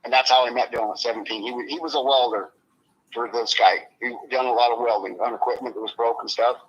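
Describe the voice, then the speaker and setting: A man's voice: medium pitch, steady tone, fast talker, husky, lo-fi sound. A man speaking as an interview guest, blunt and swearing freely, his voice rising when he gets upset. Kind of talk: emotional interview on a live stream.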